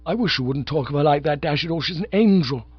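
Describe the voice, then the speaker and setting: A man voicing a bumbling, lovesick young English gentleman who gushes and pleads, in a dull, dry recording. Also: on the high side, animated, fast, slightly rough, no room sound, voice pushed up. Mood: eager pleading. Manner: gushing, pleading.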